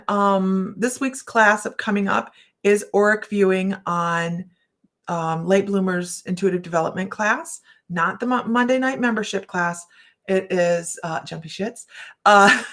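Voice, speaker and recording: A woman's voice: mid-range voice, a bit bright. Chatty laughing woman host. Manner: rambling storyteller, laughs often. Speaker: psychic and certified hypnotist. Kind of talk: casual livestream chat.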